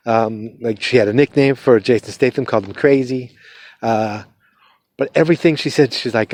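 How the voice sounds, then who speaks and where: A man's voice: mid-range voice, darkish tone, no echo. A man hosting a podcast, rambling hesitantly through a movie review while walking his dog outside in his neighborhood. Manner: rambling, hesitant, lots of fillers and restarts. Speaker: podcast host.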